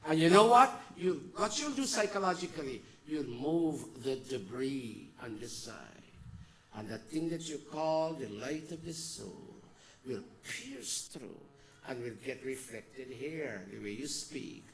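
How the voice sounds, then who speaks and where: A man giving a devotional sermon as a spiritual teacher, swinging between loud exhortation and soft, slow murmurs. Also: medium pitch, lively intonation, a little hiss or hum.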